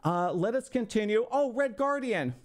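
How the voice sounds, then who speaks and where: High-voiced profane ranting man. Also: lively intonation, moderate pace. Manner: sarcastic, talks back to imagined hecklers. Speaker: streamer reviewing a viewer's game roster. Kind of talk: mock-insulting livestream commentary.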